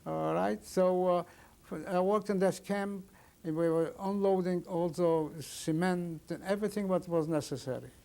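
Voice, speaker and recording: Older man survivor in oral history testimony, somewhat high voice, halting, plain storytelling. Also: creaky, warm tone. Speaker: Holocaust survivor interviewee.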